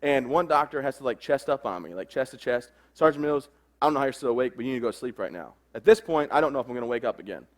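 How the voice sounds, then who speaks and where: A man's voice: mid-range voice, animated, very fast, hardly any pauses. A man in his thirties, an army veteran, telling his own story to an audience in a frank, plain way. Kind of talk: personal testimony talk.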